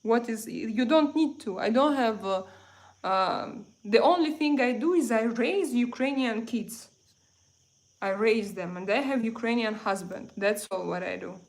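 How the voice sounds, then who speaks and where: Russian-accented woman chatting on a livestream. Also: a little high. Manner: chatty, reads out viewer comments, quick to get heated. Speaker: livestream host. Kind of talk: casual livestream chat with viewers.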